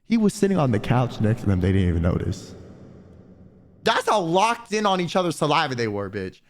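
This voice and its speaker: Young man, casual streamer chat, profane and slangy, lively swooping pitch, fairly high voice. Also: fairly quick. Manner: animated, profane, slangy, quoting people in voices.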